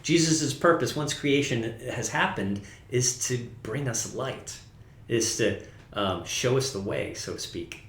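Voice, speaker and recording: A man's voice: mid-range voice, measured pace, reverberant. A man preaching a casual, conversational sermon as pastor, often correcting himself and laughing at his own slips.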